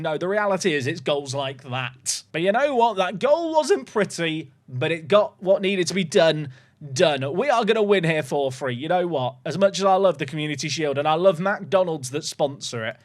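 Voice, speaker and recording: A man commentating his own game, excitable, swinging between calm talk and sudden shouts. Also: high voice. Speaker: gaming YouTuber.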